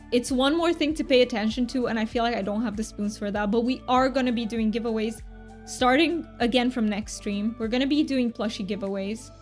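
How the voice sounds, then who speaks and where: A woman streaming a game, chatting casually with her party and gushing with delight. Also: a little high. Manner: chatty, excitable, quick gasps of delight. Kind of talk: casual live-stream chat while gaming.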